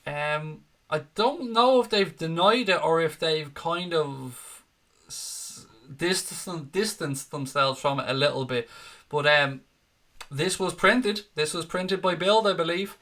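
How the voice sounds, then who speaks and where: A man's voice: a little high, takes it slowly, pushed and bright. Sweary, sarcastic man on a fan chat show. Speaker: host reading live chat comments.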